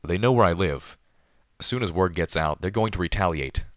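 A man's voice: expressive, normal speed, no echo, studio quality. A man voicing a wounded male dragon who growls his lines in a despondent tone. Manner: growling, low and heavy.

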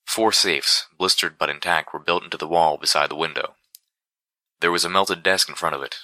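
A man narrating first-person fiction in a measured, dramatic storytelling manner. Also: deep voice, fairly even intonation, pushed and bright, no room sound. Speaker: audiobook narrator.

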